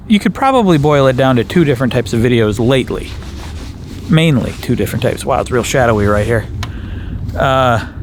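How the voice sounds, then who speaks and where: Rambling Wisconsin man vlogging in a backyard. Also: slight background noise. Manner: rambling, self-correcting, playful, with big jumps up in pitch. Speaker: YouTuber. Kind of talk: casual vlog chat. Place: outdoors in a backyard.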